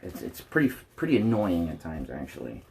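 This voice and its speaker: A man's voice: low voice, huge pitch swings, a little fast, creaky, dark tone, slight background noise. Blunt, rambling man vlogging. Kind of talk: candid confessional vlog. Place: at home by a couch. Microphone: phone taped in place.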